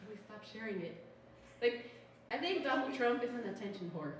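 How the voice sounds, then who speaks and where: A woman's voice: on the high side, lively intonation, moderate pace. A young woman from Utah doing a stand-up comedy set, chatty and sarcastic, with "like" in almost every sentence. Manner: chatty, sarcastic, says "like" constantly. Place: small comedy show venue. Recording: echoey room from far off with noise.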